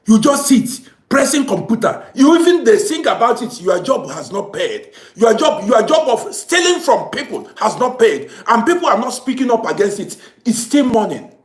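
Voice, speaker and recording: Male commentator, preachy and repetitive, lively delivery, roomy echo. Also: very high-pitched, normal speed, hardly any pauses. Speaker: social commentator. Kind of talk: impassioned moral monologue.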